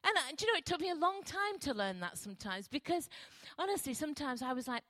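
Brief: older woman, emphatic sermon in church, repeats phrases, high-pitched. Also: big pitch swings, fast talker, a bit bright, no room sound. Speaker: guest preacher.

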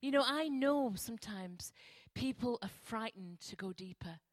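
Brief: older woman, emphatic sermon in church, repeats phrases, high-pitched. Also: animated, moderate pace, no room sound. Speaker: guest preacher.

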